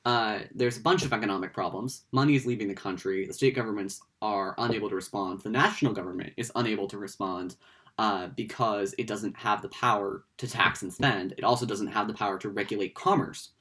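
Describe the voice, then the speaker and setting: A man's voice: fairly low pitch, a little fast, a bit bright. A man giving a casual history lecture, conversational and playful, with frequent fillers and asides.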